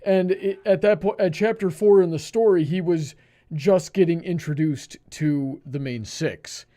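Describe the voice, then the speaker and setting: A man's voice: fairly high pitch, measured pace, warm tone. A man hosting a casual panel discussion, talking hesitantly with many restarts. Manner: hesitant, lots of restarts and fillers.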